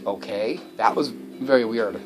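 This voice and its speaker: A man's voice: medium pitch, a little slow, music in the background, pitched below the performer's own voice, poor audio. A man speaking through a toy voice changer, teasing the viewer with a disguised voice from a broken headset. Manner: teasing, playing a trick on the viewer.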